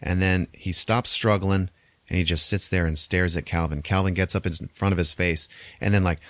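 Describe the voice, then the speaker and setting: Man, low voice, dry close sound, casual swearing movie recap. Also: normal speed, no echo. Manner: animated retelling with crude swearing. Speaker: podcast co-host.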